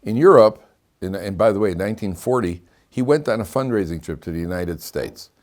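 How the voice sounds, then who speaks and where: A man's voice: fairly low pitch, brisk. A man, a rabbi giving a Torah class, telling stories with animation, acting out dialogue, wandering off on asides and asking rhetorical questions. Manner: animated storyteller who acts out dialogue; digressive, with frequent restarts and rhetorical questions.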